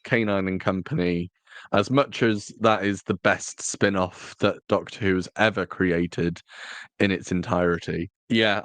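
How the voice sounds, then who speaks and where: A man's voice: lowish voice, a bit bright, no room sound. A man co-hosting a podcast, chatting casually with wry, teasing humor. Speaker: podcast co-host. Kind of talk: casual chat.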